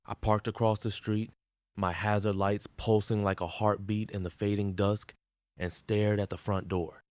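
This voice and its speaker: Low male narrator, grim and measured, dry close recording. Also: a little mellow, no echo. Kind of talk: scripted story narration.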